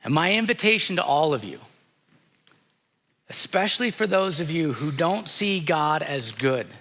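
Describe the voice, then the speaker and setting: Pastor, male, unhurried reflective sermon delivery, crisp bright tone, echoing sanctuary. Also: on the high side. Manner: slow, earnest and reflective, dropping softly on hard moments. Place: church sanctuary. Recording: church sanctuary with long reverb.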